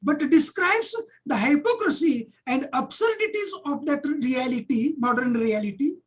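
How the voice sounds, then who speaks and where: A woman's voice: high-pitched, expressive, normal speed, poor audio. A middle-aged woman giving an academic webinar lecture, often repeating key phrases and starting sentences with "see".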